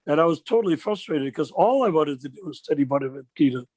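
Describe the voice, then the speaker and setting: An older man leading an informal religious discussion on a video call, telling stories with rhetorical questions in an animated way. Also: fairly high pitch, fast talker, no echo. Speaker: discussion leader.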